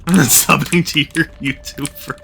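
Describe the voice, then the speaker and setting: A man's voice: on the high side, fairly even intonation, a little slow, gravelly, pushed and bright. A man streaming a video game, joking and laughing often in casual commentary. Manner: playful and joking, with frequent laughs. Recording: game music playing underneath.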